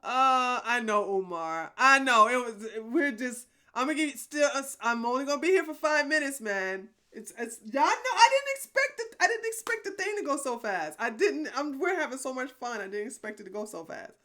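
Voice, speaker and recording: A woman hosts a live stream and talks casually to her chat in a somewhat high, bright voice. She rambles and apologizes often, with laughs breaking into her talk. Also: animated, moderate pace, hardly any pauses. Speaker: livestream host.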